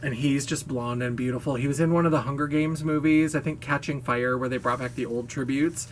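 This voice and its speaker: A man's voice: medium pitch, fairly even intonation, fairly quick, a little hiss or hum. A man vlogging in a casual monologue, gushing, playful and self-mocking, with a brash, blaring voice.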